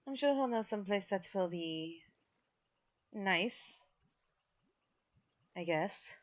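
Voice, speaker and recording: A woman's voice: animated, takes it slowly. A woman voicing a weary, sardonic young woman adventurer who sighs and mutters. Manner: tired, sighing, low and muttered. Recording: dull lo-fi mic.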